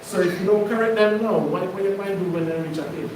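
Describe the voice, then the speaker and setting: A man's voice: sits high, quick pace, noisy background. A man from Jamaica, preaching a sermon in a casual, storytelling way. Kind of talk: sermon teaching. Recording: echoey room, voice from far off.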